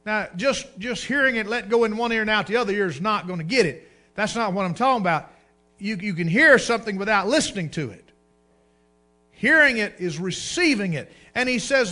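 A man preaching with a high, bright, ringing voice. He builds his points with emphasis, slows right down to read scripture aloud, then lets the ends of phrases fall quiet. The delivery is that of a pastor in the pulpit. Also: animated. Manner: drops to a hushed low voice at line ends. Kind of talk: sermon.

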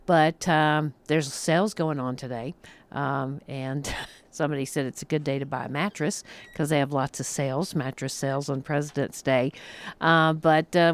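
Folksy radio host, chatty, smooth resonant tone. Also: male voice, a little high, no echo. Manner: folksy, chuckling, filler-heavy. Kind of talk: casual radio chat.

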